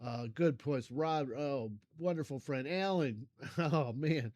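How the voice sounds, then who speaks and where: An older man hosting a music reaction channel chats casually to his viewers, rambling and halting with many fillers, effusive in his thanks, often coughing and clearing his throat. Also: on the high side, dry recording. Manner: effusive, warm toward viewers.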